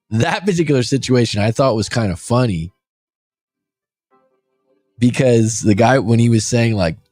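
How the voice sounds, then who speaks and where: A man's voice: medium pitch, animated, moderate pace, pauses often, a little mellow, no room sound, faint music behind. A man in his forties, a life coach hosting a show, talking casually and bluntly, swearing freely. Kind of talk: casual podcast talk.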